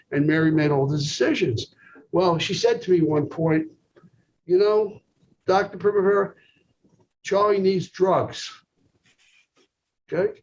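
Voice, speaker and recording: A man, a psychologist being interviewed, telling a long anecdote and checking in often with "okay". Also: sits high. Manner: storytelling, peppered with "okay". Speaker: psychologist guest. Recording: dull lo-fi recording with faint noise.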